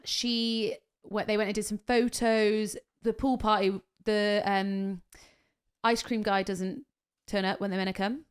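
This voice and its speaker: A woman tells a story in a casual podcast chat. She is animated and swears freely. She acts out what other people said along the way. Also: medium pitch, unhurried, clean tone. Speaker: podcast co-host.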